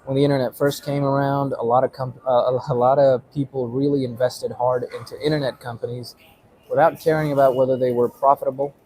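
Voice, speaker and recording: A man's voice: mid-range voice, level tone, fairly quick, darkish tone, poor audio. A man giving a casual explainer monologue, rambling with many fillers and tagging points with "right?". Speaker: vlogger.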